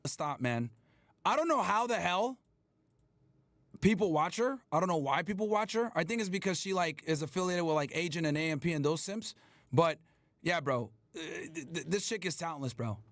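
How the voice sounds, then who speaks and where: A man hosting a livestream, ranting at his chat in a loud, profane, emphatic way. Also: high voice, lively intonation, normal speed, no room sound, studio quality. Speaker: livestream host. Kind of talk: casual livestream rant.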